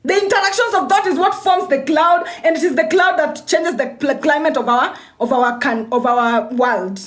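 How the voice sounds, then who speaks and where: A woman's voice: high voice, normal speed. A young woman giving a motivational talk on a livestream, repeating lines for emphasis and often restarting her sentences. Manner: repetitive and emphatic, with frequent restarts. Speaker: motivational speaker.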